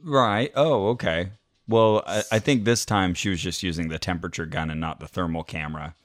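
Man co-host, very low voice, dry close mic, deadpan quips. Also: fairly quick, no room sound. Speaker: podcast co-host. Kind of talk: casual chat.

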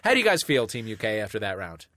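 Lively, playful male quiz host. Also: fairly low pitch, dry recording. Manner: playful, quick to laugh. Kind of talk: comedy podcast quiz hosting.

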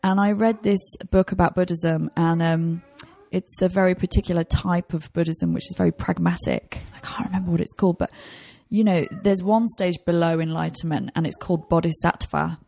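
A woman's voice: on the low side, fairly quick, creaky, hardly any pauses, warm tone. A British woman chatting casually as a podcast guest, rambling and self-deprecating, with frequent laughs. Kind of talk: casual chat.

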